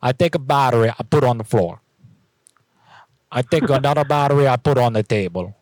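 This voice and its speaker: A man puts on a prank caller with a jumbled mix of foreign accents who speaks in broken English. He presses the same baffled questions over and over at a middle pitch. The voice is close and dry. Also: a little mellow, no echo, close to an everyday voice. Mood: insistent. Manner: halting, baffled, pushy questions.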